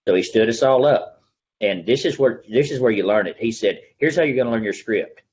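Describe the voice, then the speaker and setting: A man's voice: medium pitch, brisk, a little mellow, lo-fi sound, slight background noise. A middle-aged man with an East Texas accent, a real estate agent telling his story in a casual interview. He talks in a folksy, earnest way and acts out the conversations he remembers.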